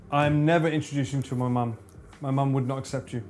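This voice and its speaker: A man's voice: medium pitch, steady tone, fast, darkish tone, soft background music. A man streaming live, bantering and joking with his chat in a casual way. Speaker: livestreamer.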